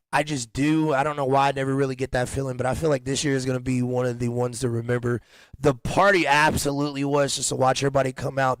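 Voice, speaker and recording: A man's voice: mid-range voice, dry recording. A man hosting a casual podcast chat, rambling in slang with frequent restarts and laughter. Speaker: podcast host.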